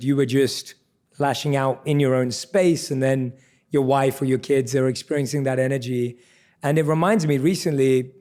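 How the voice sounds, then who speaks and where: A man hosting a podcast, talking in a warm, reflective, gently joking way. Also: mid-range voice. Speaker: podcast host. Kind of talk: interview conversation.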